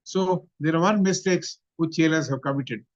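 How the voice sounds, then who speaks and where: A man with an Indian English accent lectures in a measured, repetitive way. His voice sits a little high. The recording is dull and lo-fi. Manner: measured, recaps and repeats points. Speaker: lecturer on theosophy. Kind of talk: study-class talk.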